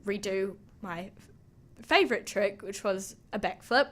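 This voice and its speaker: A young woman from New Zealand, a guest on an interview podcast, telling her story casually and animatedly with many ums and restarts. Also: mid-range voice. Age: young adult. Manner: animated, halting with fillers. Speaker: guest, snowboarder.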